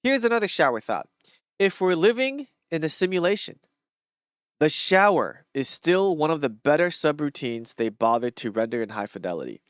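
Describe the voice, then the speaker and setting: A man putting on a heavy Taiwanese Mandarin accent to read short musings aloud in a high, slow voice. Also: big pitch swings, a bit bright, no echo, clean studio sound. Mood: mock solemn. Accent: Taiwanese Mandarin, put on. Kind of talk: mock-accented reading of musings.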